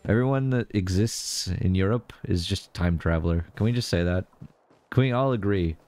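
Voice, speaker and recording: A man's voice: deep voice, moderate pace, a little mellow, soft background music. A young man streaming live, chatting casually and jokily with his viewers in a rambling way. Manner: rambling, jokey, chats to viewers, laughs often.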